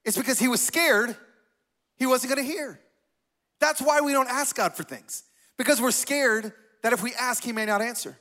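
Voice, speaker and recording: A male pastor preaches in a loose, storytelling style, throwing questions at the congregation and answering them himself. His voice sits high for a man and sounds bright and sharp, and he talks with lively, conversational energy. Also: normal speed. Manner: animated, conversational, asks the crowd questions. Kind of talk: storytelling sermon.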